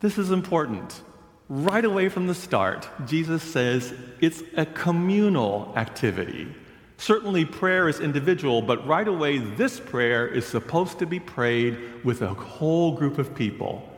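A man preaching a sermon as a pastor, telling stories slowly and deliberately. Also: on the high side, animated, echoey room, in a large hall. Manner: storytelling, slow and deliberate.

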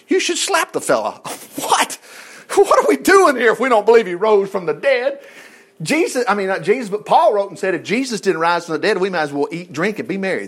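Male preacher, sermon, high voice, very lively pitch, animated. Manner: animated, acts out churchgoers' voices.

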